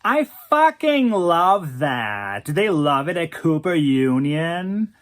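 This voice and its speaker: This is a self-important art dealer put on by a storyteller who speaks in an airy, nasal drawl. He stretches each phrase out slowly and grandly, and his pitch rolls up and down a lot. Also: big pitch swings, a bit bright, full character voice. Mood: gushing. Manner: slow, drawn-out, grandiose.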